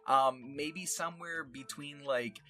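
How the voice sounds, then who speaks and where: A voice actor chats casually about roles he's played before, rambling with lots of fillers and small laughs in a retrospective way. His voice is a little high and sharp in tone, and he speaks slowly.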